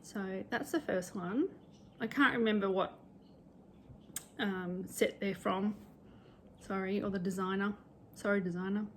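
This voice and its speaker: A woman's voice: medium pitch, steady tone, measured pace, long pauses, a little hiss or hum. A middle-aged Australian woman chatting casually and rambling cheerfully about sewing and stitching at home, now and then poking fun at herself. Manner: chatty, rambling, self-deprecating. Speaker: cross-stitch vlogger. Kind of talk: casual chat.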